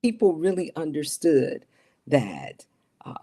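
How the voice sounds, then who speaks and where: A woman's voice: sits low, very animated, slow, dark tone, husky. Earnest middle-aged woman broadcaster. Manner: earnest, emphatic, repeats key phrases. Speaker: TV broadcast journalist and guest. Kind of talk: interview conversation.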